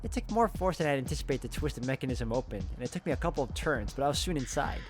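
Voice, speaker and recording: A man's voice: mid-range voice, lively intonation, rapid-fire, music in the background. A man reading a visual novel aloud and adding chuckling asides. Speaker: let's-play host.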